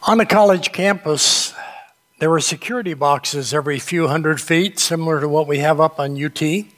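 A man preaching a sermon in a church, telling gentle humorous stories in an unhurried way. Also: fairly high pitch, in a large hall. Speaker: pastor. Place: church sanctuary.

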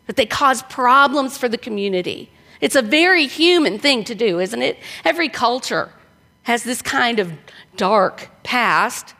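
A woman pastor preaches in an easy, conversational way, leaning on rhetorical questions. Her voice sits a little high for a woman. It carries a long reverb, as if heard in a large church hall. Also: a bit bright. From northern United States. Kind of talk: sermon.

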